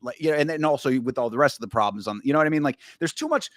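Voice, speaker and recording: A man's voice: medium pitch, racing, dry recording, clean studio sound. A man hosting a casual podcast, talking in a rambling way with many restarts and asides. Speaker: podcast host. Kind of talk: casual chat.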